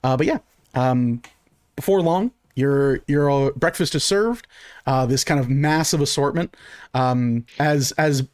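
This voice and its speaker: A man's voice: mid-range voice, unhurried, a little mellow, smooth, dry recording, clean studio sound. A man narrating as game master in a loose, rambling way with many fillers.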